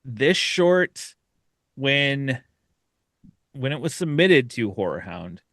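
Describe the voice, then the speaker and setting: A man hosting a podcast, casually and excitedly retelling a horror short film and acting out its characters' lines as he goes. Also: mid-range voice, slow, no echo, clean studio sound. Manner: animated retelling, acts out the characters' lines with laughter. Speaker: podcast host.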